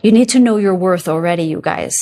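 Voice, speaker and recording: Brisk and gravelly yet warm, this fairly low-voiced tarot reader chats casually with her viewers through a reading. She drifts into asides, laughs and yawns, and often says "okay?" and "you guys."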